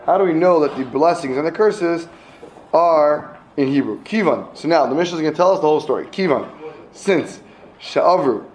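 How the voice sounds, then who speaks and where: Reading a text aloud to his class, this man translates each phrase in turn, quizzes his students, and goes over points again. His voice sits on the high side with a darkish tone, in a low-quality recording.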